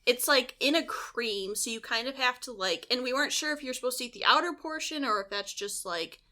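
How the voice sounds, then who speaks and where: A young woman co-hosting a podcast, talking in a relaxed, hesitant way with frequent giggles. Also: fairly high pitch, brisk. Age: young adult. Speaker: podcast co-host. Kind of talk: casual chat.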